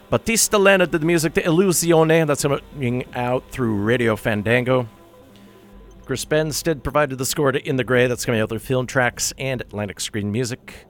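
A male radio host reading out a list of new releases, briskly, with wry asides when he corrects himself. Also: medium pitch, fairly bright tone. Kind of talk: radio music show, listing soundtrack releases.

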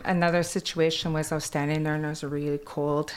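A woman's voice: sits low, quick pace, clean tone. Chatty woman with a Kwakwala-tinged accent. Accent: Kwakwala-influenced English. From British Columbia, Canada. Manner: chatty, animated, quotes others in put-on voices. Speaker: interviewee. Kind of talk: casual storytelling chat.

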